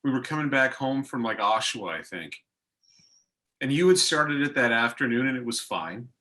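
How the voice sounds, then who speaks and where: A man co-hosting a podcast, telling anecdotes in an animated, self-mocking way. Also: mid-range voice, normal speed. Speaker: co-host, hockey broadcaster. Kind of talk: casual chat.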